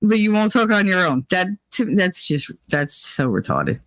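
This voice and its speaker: A woman's voice: on the low side, big pitch swings, measured pace, fairly bright tone, no echo, rough recording. A woman livestreamer chatting casually in a blunt, rambling way, swearing and laughing often.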